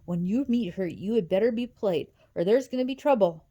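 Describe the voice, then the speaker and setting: A woman reading aloud and voicing a stern, bossy female caseworker who scolds sharply and loudly. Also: medium pitch, moderate pace, close to an everyday voice. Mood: threatening.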